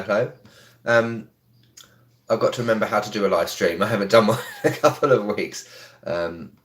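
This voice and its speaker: A man hosting a casual live stream from home, talking quietly with a sore throat, greeting viewers with lots of ums. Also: lowish voice. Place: indoors in a home.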